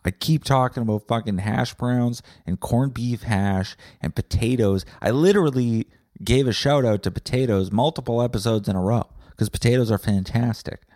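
A young Canadian man hosting a comedic solo podcast, rambling and swearing with deadpan asides. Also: medium pitch, normal speed, no echo, clean studio sound. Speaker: podcast host.

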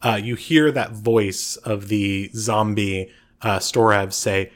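A man narrating as game master of a tabletop game, relaxed and filling pauses with uh and um. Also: lowish voice. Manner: relaxed, frequent uh and um fillers.

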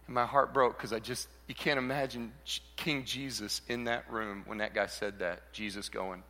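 A man preaching a sermon as pastor, animated and theatrical, acting out quoted voices and swinging from quiet asides to shouts. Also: on the low side, normal speed. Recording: hall reverb.

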